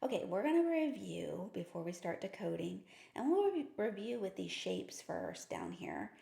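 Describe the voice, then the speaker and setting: A woman's voice: medium pitch, wildly swooping pitch, moderate pace, gravelly, dark tone. A woman teaching phonics to teachers and parents, explaining patiently and upbeat with playful kid-friendly terms, asking questions and answering them herself. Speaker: reading teacher. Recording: echoey room.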